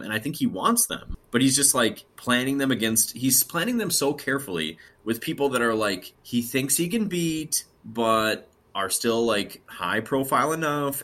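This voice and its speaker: A man's voice: medium pitch, fairly bright tone. A man co-hosting a casual sports podcast, rambling and swearing freely. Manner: rambling, swears, laughs easily. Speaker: podcast co-host.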